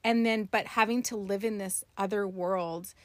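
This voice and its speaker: Woman, mid-pitch, earnest reflective chat, dry close recording. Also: fairly even intonation, normal speed, no echo. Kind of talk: casual spiritual chat.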